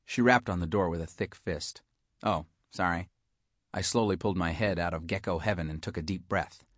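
Male audiobook narrator, low-ish voice, dry close read, hard-boiled wisecracking tone. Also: brisk, fairly bright tone, no echo. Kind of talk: scripted first-person story narration.

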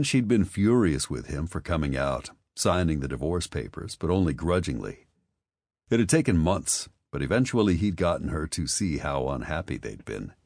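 Man, audiobook narrator, very deep voice, dry close recording. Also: no echo. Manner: expressive storytelling. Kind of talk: scripted narration.

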